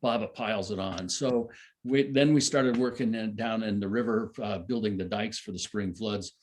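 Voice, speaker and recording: A man's voice: fairly low pitch, normal speed, a little mellow. An older man telling a long personal story at a satsang, rambling with many fillers and restarts. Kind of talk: casual spoken storytelling.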